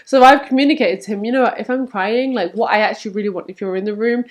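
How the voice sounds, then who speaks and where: A woman's voice: a little high, fast. A young woman vlogging to camera, speaking candidly and chattily, and acting out remembered quotes. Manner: candid, animated, acts out quotes.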